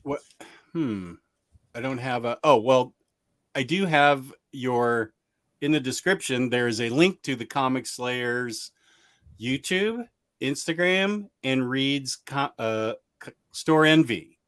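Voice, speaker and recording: A man's voice: mid-range voice, expressive, takes it slowly, a bit bright, no echo, studio quality. A man hosting a casual livestream, reading out viewer comments with rambling, self-mocking asides and laughs mid-sentence. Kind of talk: casual chat.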